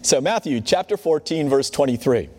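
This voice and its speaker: A man with a fairly high, expressive, slightly mellow voice preaches a sermon at normal speed. His style is conversational, and he often checks in with his listeners, recorded with long hall reverb.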